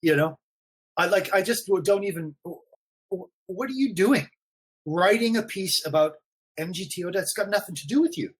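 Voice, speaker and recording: Brief: husky, slightly higher-voiced man, chatty forum admin on a stream, rambles and repeats. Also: fairly quick. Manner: rambling, repeats himself, frequent fillers. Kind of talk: casual live-stream conversation.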